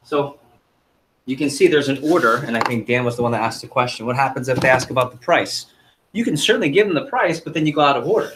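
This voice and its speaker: A man's voice: mid-range voice, fast talker, fairly bright tone, slight background noise. Male sales trainer, chatty and upbeat, quizzing a seminar audience, mid-range voice. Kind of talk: interactive training seminar talk.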